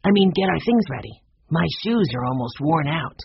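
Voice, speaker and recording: A calm, sensible older boy speaking steadily in a storybook reading, as a reader voices him. The voice is slightly husky and moves with lively pitch, and the recording is dull and dry. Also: normal speed, no room sound, exaggerated voice. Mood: steady.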